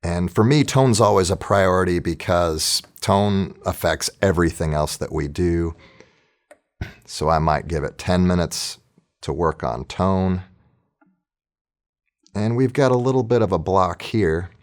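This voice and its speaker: A man's voice: low-pitched, a little slow. A man teaching orchestra planning in a casual, chatty screen-recorded tutorial, thinking aloud as he works.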